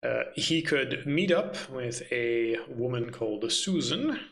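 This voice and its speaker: A man's voice: medium pitch, expressive, slow pace, a bit bright. A man running a tabletop game, muttering and swearing to himself as he hunts for his notes. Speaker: game master.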